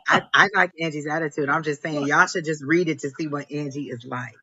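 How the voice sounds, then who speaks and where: Bright chatty woman co-host, lo-fi. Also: deep voice, steady tone, brisk. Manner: chatty, laughing, says y'all. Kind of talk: casual chat.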